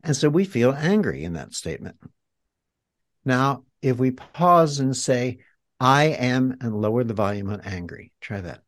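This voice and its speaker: Male healer guest, teacherly and guiding, mid-pitched, dry close sound. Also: lively intonation, unhurried, no echo. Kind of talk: reflective interview talk.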